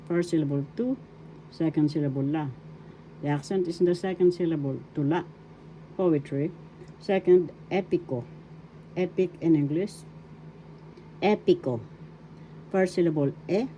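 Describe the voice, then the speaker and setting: An older woman with a Filipino accent teaching a video language lesson, breaking words slowly into syllables. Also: sits low, mellow, slight background noise, poor audio. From Philippines. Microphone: webcam or phone camera.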